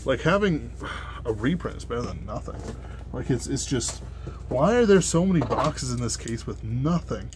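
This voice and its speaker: A young man talks casually at a mid pitch while he opens card packs. His chat rambles and is full of fillers, and he curses when a pull annoys him. Faint room noise sits under his voice. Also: lively intonation, normal speed. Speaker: card unboxing host.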